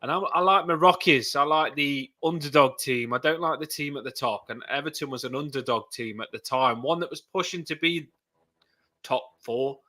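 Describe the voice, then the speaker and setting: A man's voice: a little high, normal speed, bright, forceful tone. A man, a guest talking earnestly and enthusiastically about football. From England. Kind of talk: casual conversation.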